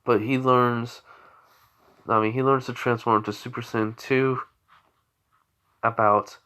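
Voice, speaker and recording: A man's voice: mid-range voice, little pitch movement, takes it slowly, sharp tone, clean tone. A tired man casually telling an unscripted fan story, rambling and correcting himself with many fillers. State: tired, yawning.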